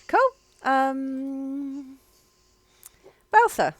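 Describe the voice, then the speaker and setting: A woman game master calls for saves and tallies damage in an unhurried, chatty way. Her pitch swings up and down freely as she talks. She teases her players lightly. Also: lively intonation. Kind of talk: running a tabletop game.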